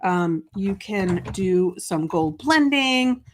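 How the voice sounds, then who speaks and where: Hosting a live-streamed papercraft demo, a bubbly, chatty woman reads viewer comments aloud, responds as she crafts, and pokes fun at herself. She speaks slowly and expressively in a mid-range voice, with a little hiss or hum on the recording.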